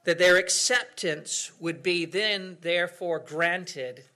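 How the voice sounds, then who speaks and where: Bright, high-voiced male preacher. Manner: earnest, dramatic pauses, shifting from loud to hushed. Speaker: pastor. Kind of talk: sermon.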